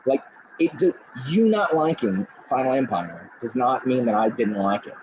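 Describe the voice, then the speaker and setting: A man in casual conversation, his pitch swinging widely as he rants in quick bursts. He sounds like a book channel host chatting with friends. A faint hiss of noise sits under the voice. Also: dull audio. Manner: animated and ranting, talks fast in bursts. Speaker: booktube host. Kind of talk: casual chat on a group video call.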